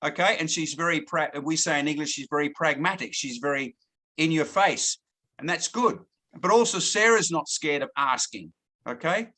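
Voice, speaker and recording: A man's voice: fairly high pitch, moderate pace, sharp tone. A man giving a sales training talk to a team, often stopping to check in with "okay?" and repeating words as he goes. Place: lives in Thailand, now in Australia.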